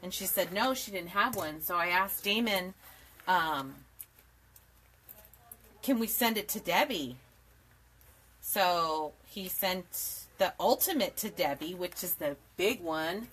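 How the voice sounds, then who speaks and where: A woman's voice: fairly low pitch, unhurried, a bit bright, slightly rough. A woman in her forties hosting a live craft tutorial from her home desk, chatty and rambling, laughing often and greeting viewers by name. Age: 40s. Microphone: camera mic at a desk.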